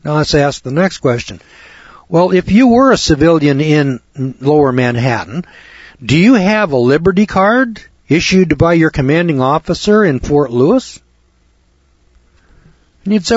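A man's voice: on the high side, lively intonation, unhurried, no room sound. A man lecturing to students in a folksy way, piling up rhetorical questions and repeating them for effect. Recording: dull lo-fi recording.

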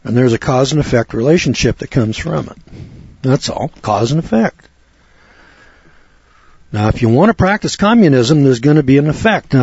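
A man preaching a sermon, sarcastic and fiery, dropping to low asides and rising to loud outbursts. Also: husky, no echo. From United States. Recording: dry, dull lo-fi recording.

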